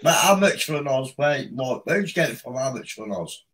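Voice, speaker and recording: A man's voice: medium pitch, lively intonation, brisk, fairly bright tone. A man joining a livestream video call, brash and mocking, swearing through crude banter. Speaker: livestream guest.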